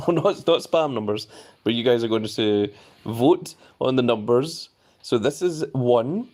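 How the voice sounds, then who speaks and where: A man's voice: medium pitch, a little mellow. A man hosting a casual live stream, chatting loosely and reading viewer messages aloud.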